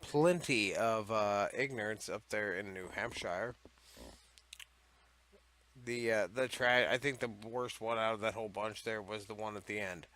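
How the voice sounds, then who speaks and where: Male host, sharp bright voice, loose sarcastic rambling commentary with swearing. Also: fairly low pitch, a little slow. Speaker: host of a comedy series on odd laws. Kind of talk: casual comedic commentary.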